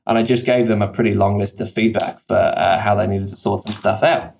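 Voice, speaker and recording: A South African man with a lowish voice, fairly even intonation, vocal fry, and a darkish tone is recorded with cut-off highs and a little hiss or hum. His accent blends British and South African. A CEO guest on a podcast interview, he tells self-deprecating stories, quick with fillers and restarts.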